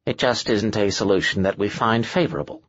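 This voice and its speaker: A man's voice: lowish voice, fairly quick, dry recording, dull audio, lightly acted. A man voicing a pedantic, precise male scholar in an audiobook, who speaks with dry gloom.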